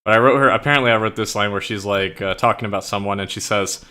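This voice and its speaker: A man's voice: on the low side, quick pace, sharp tone, clean tone. A young man chatting casually as a streamer, loose and profane, saying "like" and "bro" a lot and eagerly explaining slang. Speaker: streamer and writer. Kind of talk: casual chat while writing.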